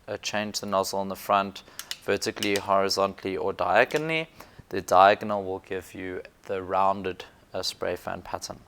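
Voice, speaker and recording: Man presenting a product, smooth voice. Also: lowish voice, a bit bright. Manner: friendly explanatory, some fillers. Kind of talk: product demo video.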